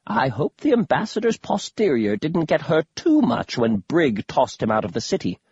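A man doing a wildly excitable old lord. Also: moderate pace, breathy edge, no echo, highs cut off, exaggerated voice. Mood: wry. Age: older. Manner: exclaiming, theatrical, pitch jumping high.

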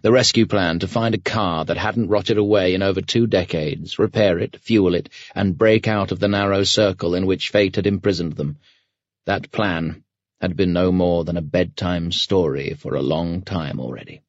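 A man with a very deep, low voice narrates an audiobook in a measured, even manner. The recording is dry and a little muffled, with a dull, lo-fi tone. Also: no room sound. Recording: dry, muffled studio read.

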